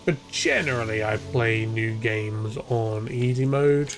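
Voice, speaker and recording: A man's voice: on the low side, measured pace, faint music behind. A young man rambling and swearing casually through live gameplay commentary as a streamer. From half Irish, half English. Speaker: game streamer.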